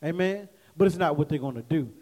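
A man's voice: fairly high pitch, lively intonation, fairly quick, dark tone. A male pastor preaching a sermon in a church, talking to the congregation like a neighbor and calling for "amen" as he goes. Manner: conversational preaching with call-and-response asides. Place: church sanctuary. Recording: echoey hall reverb.

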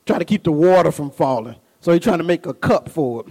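A middle-aged male pastor with a high voice, preaching a sermon. He moves from folksy storytelling and call-and-response asides into animated, emphatic bursts that climb in pitch. His delivery is lively and personal, like he is talking straight to the congregation. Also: brisk, poor audio.

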